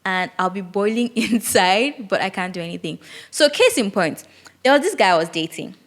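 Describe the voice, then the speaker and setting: A woman's voice: mid-range voice, lively intonation, moderate pace. A young woman, hosting a solo podcast and reflecting candidly aloud, with frequent restarts. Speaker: podcast host.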